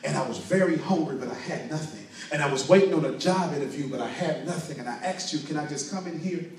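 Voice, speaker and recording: A man's voice: fairly high pitch, quick pace, lightly acted. A man voicing a grateful, successful businesswoman earnestly within his sermon story. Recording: very echoey room, distant mic.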